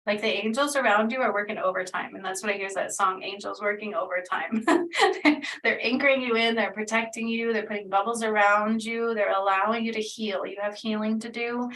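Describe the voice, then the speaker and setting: A woman's voice: medium pitch, fairly even intonation, brisk, few pauses, a bit bright, distant mic, rough recording. A woman doing a casual spiritual energy reading, talking in a meandering, earnest way full of fillers. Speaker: spiritual healer channeling energy.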